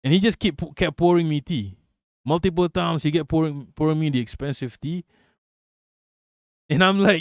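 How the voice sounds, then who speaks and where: Profane, animated male streamer, dry sound. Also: a little high, normal speed, pauses often, dry recording. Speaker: livestream host. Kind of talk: casual livestream chat.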